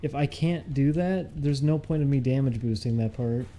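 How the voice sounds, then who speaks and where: A man streaming a video game, chatting casually, jokey and quick to swear at the game. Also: medium pitch, mellow, slight background noise. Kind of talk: casual gameplay commentary.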